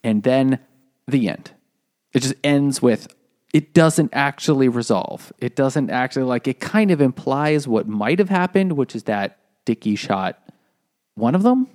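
A man's voice: mid-range voice, animated, unhurried, a little mellow, dry recording, studio quality. A man casually retelling a novel's plot on a book podcast, rambling with lots of fillers. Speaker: podcast co-host.

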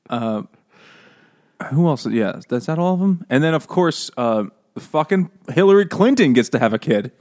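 A man's voice: fairly high pitch, expressive, a little slow, long pauses, darkish tone. A man casually discussing a novel with a friend, rambling, swearing and laughing often. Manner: rambling, laughing, profane, slips into mocking voices.

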